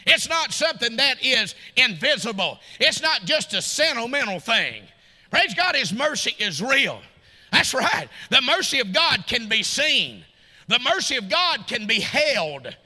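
Man preaching, fervent and folksy, very high bright voice. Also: lively intonation, normal speed. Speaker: pastor. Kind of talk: sermon.

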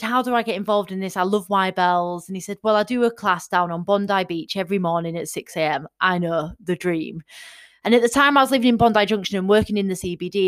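A woman, chatty and enthusiastic, casually telling her personal fitness story to her followers. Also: mid-range voice. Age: 30s. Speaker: fitness vlogger.

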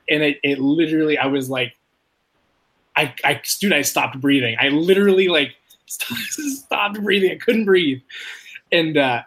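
A young man telling a story casually, rambling and swearing, filling his talk with "like" and jumping up in pitch when he quotes himself. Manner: rambling, profane, heavy use of "like"; animated, jumps high when quoting himself.

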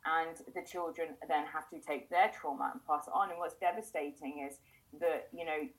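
Low-voiced woman explaining trauma patterns. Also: fairly even intonation, poor audio. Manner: measured, explanatory, with many fillers. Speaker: therapist and podcast host. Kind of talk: reflective explanatory talk.

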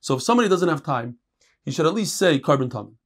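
Man, casual Talmud teacher, gravelly voice. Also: a little high, sing-song. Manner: reads quick Aramaic passages, then explains them in casual English. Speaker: Torah teacher. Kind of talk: Talmud class.

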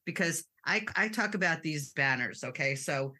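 A woman's voice: low voice, moderate pace. A woman clinician explaining in a candid, personal way, in a casual talk. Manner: candid, personal, animated with laughs. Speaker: clinician and co-host.

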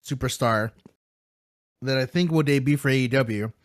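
A man hosting a podcast in casual chat, excitable, rambling and playfully brash, eating while he talks. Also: mid-range voice, normal speed, no room sound, clean studio sound. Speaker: podcast host.

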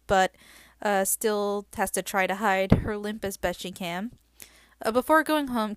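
A woman's voice: medium pitch, no echo, clean studio sound. Chatty woman recapping a book. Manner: chatty, with frequent "uh" fillers. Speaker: podcast host. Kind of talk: book recap podcast, reading aloud.

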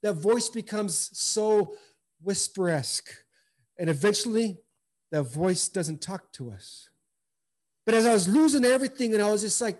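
Earnest high-voiced man telling his story. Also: expressive, normal speed, a little mellow. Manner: earnest, impassioned, repeats phrases for emphasis. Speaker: guest, former pro baseball player. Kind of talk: candid interview storytelling.

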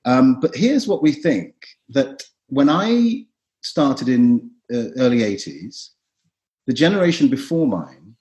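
A middle-aged man, an actor and writer, talking as a podcast guest in an animated, theatrical way. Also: mid-range voice, slow. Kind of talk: podcast discussion.

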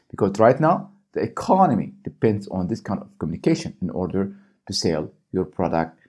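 Man, advice vlog, mellow tone, lowish voice, keeps checking in with viewers. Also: breathy edge. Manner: coaching, keeps checking in with "okay?" and "right?". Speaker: small business YouTuber. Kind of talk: direct-to-camera advice vlog.

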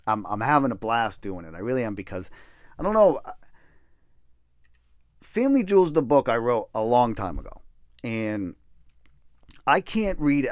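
A man's voice: dry recording, studio quality. A middle-aged man hosting a podcast, rambling and self-deprecating as he tells stories from his life, sometimes reading a draft aloud. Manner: rambling, self-deprecating, reads a memoir draft in a lower, slower voice. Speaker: podcast host. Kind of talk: casual storytelling podcast.

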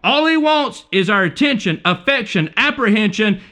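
A man's voice: sits high, expressive, normal speed, sharp tone. A man preaching a sermon, fervent and emphatic, repeating and stacking alliterative points, with many restarts.

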